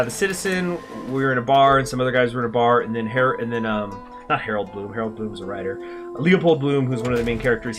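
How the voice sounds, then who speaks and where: A man hosting a gaming channel, talking excitedly and rambling with many restarts while he plays a strategy game. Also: mid-range voice. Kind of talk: live commentary while playing a strategy game.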